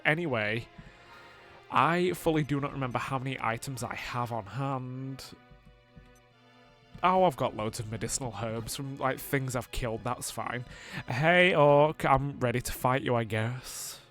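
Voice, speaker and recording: A man's voice: mid-range voice, fairly bright tone. A man casually commentating a video game, rambling and chatty, with frequent laughs and filler words. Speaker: gameplay commentator. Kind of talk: casual let's play commentary.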